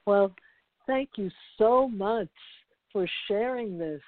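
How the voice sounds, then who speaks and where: A woman hosting an interview and asking questions in an appreciative, warm way. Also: mid-range voice, takes it slowly, dry recording. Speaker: interview host. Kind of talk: casual interview. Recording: dry phone-like line.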